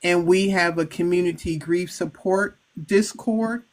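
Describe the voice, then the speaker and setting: A woman hosting a live chat, gently reading out viewers' comments and welcoming them. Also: fairly low pitch, a little slow. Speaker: live-stream host.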